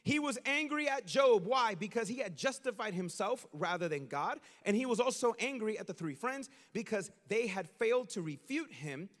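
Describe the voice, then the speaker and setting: A male pastor preaching a sermon in an animated, conversational way, full of casual slang and acted-out asides. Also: high voice, normal speed, few pauses, in a large hall.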